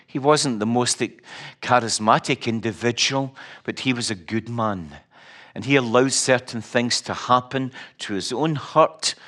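A middle-aged Scottish man delivers a sermon at an unhurried, deliberate pace. He mixes personal stories with wry humor and repeats key words for emphasis. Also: medium pitch, a bit bright. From Scotland. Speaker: preacher.

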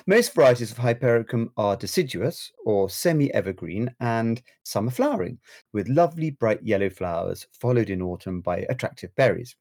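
Man, mid pitch, playful co-host delivering facts in easy podcast banter. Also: expressive, moderate pace. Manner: playful, warm chatter with laughs. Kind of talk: casual podcast chat.

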